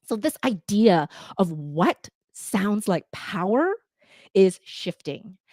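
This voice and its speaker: A woman from Canada with a North American accent, a podcast editor talking to listeners in a lively, conversational way with fillers. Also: mid-range voice, takes it slowly, dry recording, studio quality. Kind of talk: talk to listeners.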